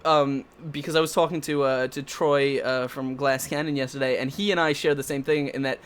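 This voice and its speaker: A man's voice: medium pitch, fairly even intonation, fairly quick, smooth. A man hosting a live tabletop talk show in casual chat, laughing often and restarting his sentences. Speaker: host.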